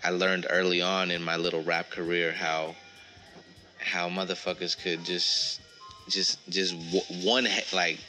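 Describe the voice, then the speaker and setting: A man being interviewed as a rapper, talking in a halting, casual way with lots of slang, swearing and repeated words. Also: deep voice, flat delivery, pushed and bright, faint music behind. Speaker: rapper, guest.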